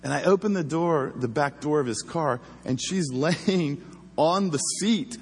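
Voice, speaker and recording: A former police officer telling a story in a casual, animated way, acting out the voices he quotes. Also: fairly high pitch, measured pace, slightly rough, big-room sound.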